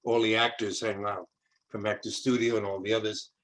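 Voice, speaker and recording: A man's voice: on the low side, level tone, fairly quick, a bit bright, poor audio. An older man from the South Bronx, hosting a video-call interview in a rambling way, often restarting his sentences. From South Bronx, New York. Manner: rambling, repeats words and restarts. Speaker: host. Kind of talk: casual interview chat.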